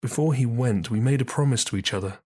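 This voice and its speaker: A man voicing a gentle, anxious young village girl in a soft, hesitant tone pitched up from his own voice. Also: fast, breathy edge, natural voice.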